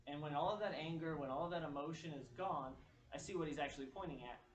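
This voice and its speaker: Storytelling keynote speaker in an echoey hall. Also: male voice, on the high side, quick pace. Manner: animated, acting out dialogue. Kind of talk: storytelling speech. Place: speech venue. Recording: echoey hall, mic far off, faint noise.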